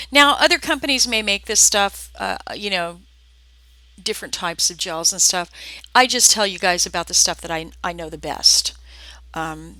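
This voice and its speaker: A woman's voice: lowish voice, sharp tone, no echo, poor audio. A woman with a Southern US accent giving a live painting lesson, chatty and folksy, talking straight to her viewers. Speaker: art instructor. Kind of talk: live-streamed painting demonstration.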